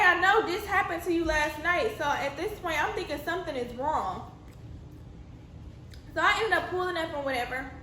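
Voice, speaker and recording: A young woman telling a story in a casual, animated way, swearing freely and sounding exasperated. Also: very high voice, a little hiss or hum. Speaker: storytime vlogger. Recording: echoey room.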